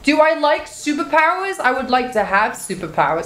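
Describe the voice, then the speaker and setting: A woman's voice: high-pitched, very animated, moderate pace, a bit bright, echoey room. A young woman streaming live, reading her chat aloud with swearing and lots of laughter. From United Kingdom.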